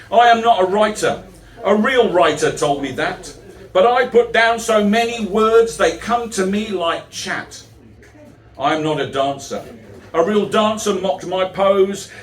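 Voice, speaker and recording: A man's voice: high-pitched, fairly bright tone. A middle-aged man giving a live poetry performance, mixing rhyming verse with wry, self-mocking asides. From England. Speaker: poet. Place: chapel venue. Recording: roomy, distant live recording.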